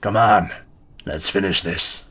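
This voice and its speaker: A grim werewolf leader gives curt orders , voiced by a man running a tabletop game. The voice is low and quiet, with a flat, resigned delivery. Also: takes it slowly, breathy edge, full character voice. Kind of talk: game master voicing a character.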